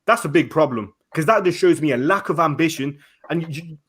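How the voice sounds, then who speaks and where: A man with a somewhat high voice argues his point in a casual debate. He rants with heat and frustration, stacking up rhetorical questions as a fan pundit. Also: a little fast, a bit bright, breathy edge.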